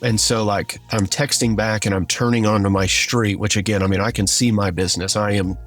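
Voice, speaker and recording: A man tells a personal story in an earnest, halting way, with many "like" fillers. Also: lowish voice, fairly even intonation, a bit bright, soft background music. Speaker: guest sharing his testimony.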